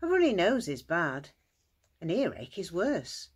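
A woman narrating a children's story at school worship in an expressive, sing-song way. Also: fairly low pitch, normal speed, slightly rough.

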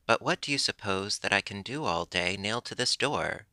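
A man's voice: lowish voice, expressive, normal speed, sharp tone, dry recording. A man voicing a desperate young wooden boy puppet, pleading urgently in a raised voice.

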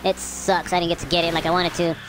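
A woman's voice: fairly low pitch, level tone, quick pace, background noise. A woman hosting her own gaming channel, chatting casually and profanely while she plays. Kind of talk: casual gameplay commentary.

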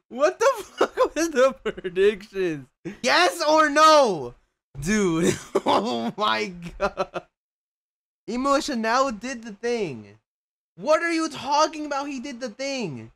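A young man of Mexican heritage chats casually and profanely with his livestream viewers in a very high voice. He's excitable, breaking into sudden shouts and laughter.

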